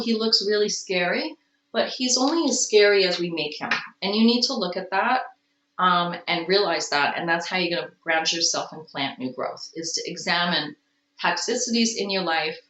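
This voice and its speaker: A woman's voice: medium pitch, fairly bright tone. A woman giving a casual tarot reading at home, with stretches where she coos baby talk to her cat. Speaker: tarot reader. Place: home room. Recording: roomy, distant, dull home recording.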